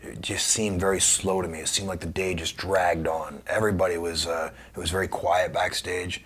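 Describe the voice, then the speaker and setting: A middle-aged former wrestler tells stories in an interview, acting out the dialogue with energy. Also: male voice, low-pitched, slightly rough. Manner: animated storyteller, acts out dialogue; subdued and halting on somber memories. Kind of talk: conversational storytelling.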